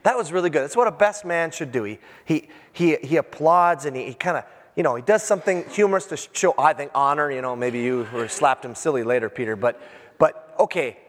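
Animated preacher man in echoing hall. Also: fairly high pitch, brisk. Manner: animated, acts out quotes, self-interrupting asides. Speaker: pastor. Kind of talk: sermon. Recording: long reverb of a large hall.

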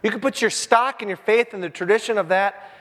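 A man in his fifties, a pastor preaching a sermon to his congregation, animated and jokey, speaking right to the crowd. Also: high-pitched, a little fast, big-room sound. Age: 50s. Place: church with a congregation.

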